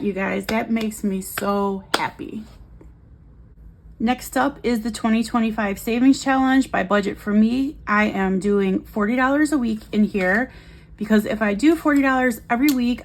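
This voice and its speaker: Woman, budgeting vlogger, bright higher pitch, chatty and cheerful, light background hiss. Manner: cheerful, chatty, counts money aloud. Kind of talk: upbeat casual vlog while cash stuffing.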